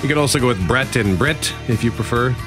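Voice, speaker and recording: A man's voice: mid-range voice, fairly quick, over music. A man hosting a morning radio show, chatting casually with frequent fillers, restarts and laughs. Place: radio studio. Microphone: studio microphone.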